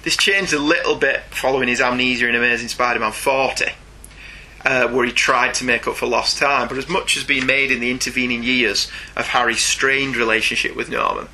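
Bright-voiced man chatting casually. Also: mid-range voice, steady tone, brisk, a little hiss or hum. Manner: dry, chatty, detailed. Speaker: podcast co-host. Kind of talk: casual chat reviewing comics.

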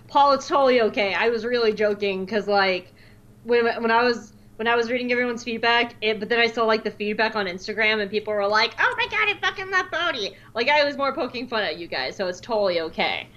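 A woman co-hosting a podcast in casual chat, animated and swearing freely. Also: on the high side, brisk, lo-fi sound. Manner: animated, swears, dramatic outbursts. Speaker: podcast co-host.

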